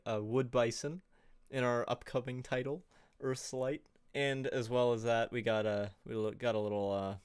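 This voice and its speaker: Man, casual livestream talk, chatty and loose, mid-pitched, resonant voice. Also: clear, resonant tone, no room sound, clean studio sound. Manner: loose and chatty, full of fillers and laughs. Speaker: co-host presenting on sound design.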